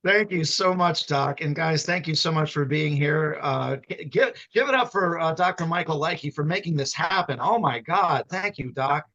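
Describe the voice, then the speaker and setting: An excitable man with a high, bright voice banters as a guest magician on a live stream. His talk is playful and full of stammering restarts. He comes through a video call mic. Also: moderate pace, few pauses, highs cut off.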